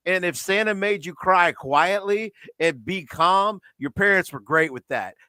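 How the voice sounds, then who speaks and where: High-voiced laughing male podcast co-host. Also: unhurried, smooth, no room sound, clean studio sound. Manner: animated retelling with frequent laughs and fillers. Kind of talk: casual chat.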